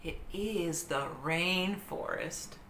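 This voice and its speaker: A woman voicing a bold, outspoken young girl in a storybook reading, speaking with emphatic excitement. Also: on the low side, very slow, a little hiss or hum, exaggerated voice. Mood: chatty. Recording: roomy echo.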